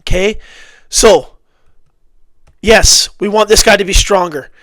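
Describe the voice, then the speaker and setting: Male film-breakdown host, high-pitched, blunt and exasperated, dry close mic. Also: slow pace, no room sound. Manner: blunt, animated, exasperated outbursts with self-corrections. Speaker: football film analyst. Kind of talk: casual film breakdown commentary.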